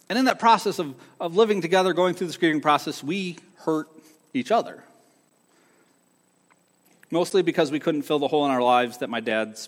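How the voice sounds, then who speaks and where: A man giving an earnest sermon testimony, telling a personal story that swings between soft and emphatic moments. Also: on the high side. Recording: long hall reverb.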